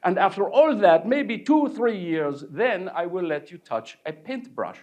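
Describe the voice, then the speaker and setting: A haughty old art master who lays out his rules with cold scorn and bursts into shouting fury, as a man puts him on in a stage show. The voice climbs high and swings sharply as he scolds. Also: big pitch swings, unhurried. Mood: lecturing. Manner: lecturing, then yelling. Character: snooty older male art master, scornful and bossy.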